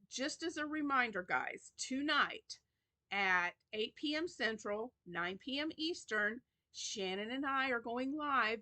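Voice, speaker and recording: A woman's voice: mid-range voice, pushed and bright. A woman hosting a crochet channel in a casual vlog, chatty and rambling with many restarts, tired and yawning.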